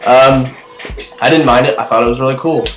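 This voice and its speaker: Excitable young man rambling in an echoey room. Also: medium pitch, brisk. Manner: excitable, chatty, full of fillers and restarts. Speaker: TV episode reviewer. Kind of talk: casual rambling review. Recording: echoey room with faint music.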